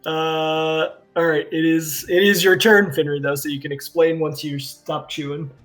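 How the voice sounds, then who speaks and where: Casual male game master, slightly high voice, loose chatty rulings. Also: flat delivery, normal speed, fairly bright tone, faint music behind. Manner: loose, conversational, frequent fillers like "like" and "yeah".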